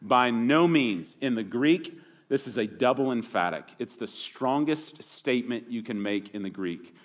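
A man preaching an expository sermon, rising to loud punchlines and dropping low at phrase ends. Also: normal speed.

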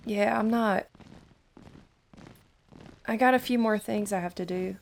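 A woman playing a tabletop game, speaking hesitantly with many pauses. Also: medium pitch, creaky. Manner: hesitant, halting, full of pauses. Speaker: player. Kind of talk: tabletop role-play.

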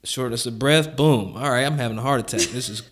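A man's voice: medium pitch, fast talker, a bit bright. Chuckling man telling a candid story. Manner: candid storytelling, heavy on "like" fillers, chuckling often. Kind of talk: casual chat.

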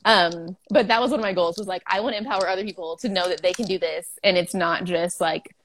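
A woman's voice: fairly low pitch, fast talker, fairly bright tone, slight background noise. Chatty young woman, laughing often. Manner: chatty, laughing, many "like" fillers. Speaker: food truck owner. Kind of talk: casual interview chat.

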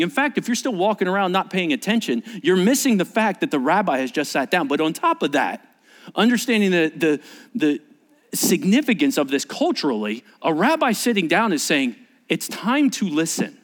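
Animated preaching man in a reverberant hall. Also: high-pitched, moderate pace. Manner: animated, acts out scenes, restarts words. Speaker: pastor. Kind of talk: sermon.

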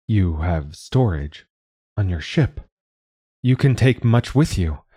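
A man voicing an ancient, weary machine curator who speaks calmly and politely in an audiobook story. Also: sits low, breathy edge, no echo, clean studio sound, full character voice. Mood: resigned. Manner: calm, polite, measured. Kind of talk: audiobook reading.

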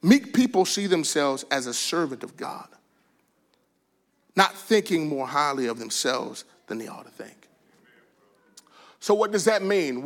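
A man preaching with a bright, forceful tone in a fairly high voice. He tells stories with animated energy, jumping into shouted bursts and then pulling back to soft, low asides. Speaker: pastor. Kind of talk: sermon.

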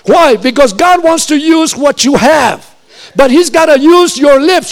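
An older man preaching a fiery sermon as pastor, telling personal stories and building to shouts. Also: extremely high pitch, unhurried.

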